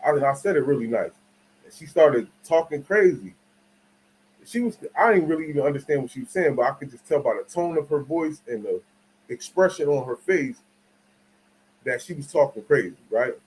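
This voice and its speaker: A man's voice: fairly high pitch, lively intonation, normal speed, darkish tone, breathy edge, poor audio. A man hosting his own channel, telling stories in a casual, slangy commentary that rambles and restarts and keeps checking that listeners follow. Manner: asks the audience for agreement. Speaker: channel host.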